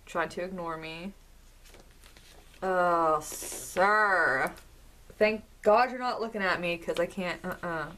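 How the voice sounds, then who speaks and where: A woman vlogger talking through an album unboxing, gushing and excitable as she speaks to the camera. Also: on the low side, slow pace, a little hiss or hum. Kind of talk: casual unboxing commentary.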